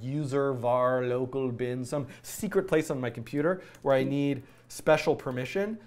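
A middle-aged man teaching coding in a casual, rambling way, often laughing and correcting himself as he works. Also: a little high. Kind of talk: casual live-coding tutorial.

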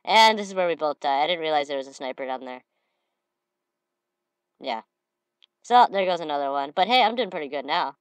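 Excitable woman commenting on her gameplay. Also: low-pitched, a little fast, long pauses, smooth, no echo. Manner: excitable, bursts into shouted trash talk. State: slightly sniffly from a cold. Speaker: gamer.

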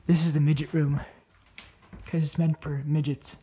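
Holding a phone as he films, a man narrates his casual walkthrough of an abandoned house, a little winded, rambling and frequently correcting himself. His voice is a little high and dark-toned at a normal speed, in an echoey room with slight hiss or hum.

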